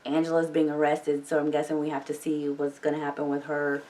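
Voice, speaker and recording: A woman's voice: sits low, monotone, a little fast, a little mellow, far from the mic. A woman hosting a reaction video, chatting casually and rambling with lots of filler words.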